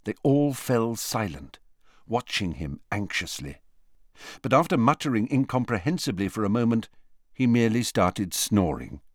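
A man reading a novel aloud as narrator, with expressive, varied delivery. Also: on the low side, moderate pace, no echo, clean studio sound. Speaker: audiobook narrator. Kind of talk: scripted narration.

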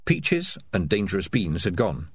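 Husky man narrating a storybook. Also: low voice, very animated, unhurried, dry recording. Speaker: audiobook narrator.

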